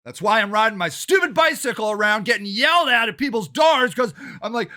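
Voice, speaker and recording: An older man, a local activist and council candidate, ranting angrily and swearing in a shouting monologue. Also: sits high, expressive. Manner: shouting, swearing, fast and agitated. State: angry and worked up.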